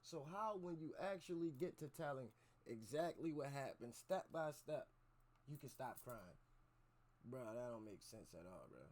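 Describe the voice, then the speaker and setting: A man's voice: mid-range voice, lively intonation, moderate pace. A man reacting to a clip for his chat, skeptical and slangy, repeating himself to make his point. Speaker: reaction streamer. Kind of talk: reaction commentary.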